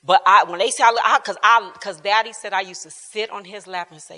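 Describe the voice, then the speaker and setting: A woman in her fifties teaches a church Bible class in a bright, sharp-edged, mid-range voice with a steady tone, moderate pace, and few pauses. She tells personal family stories earnestly and informally, laughing often, with a long reverb from the church hall.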